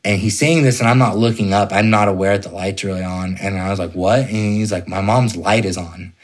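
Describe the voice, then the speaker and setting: A man's voice: on the low side, steady tone, fast talker. A young man telling a personal ghost story in an interview, rambling casually with lots of fillers. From California.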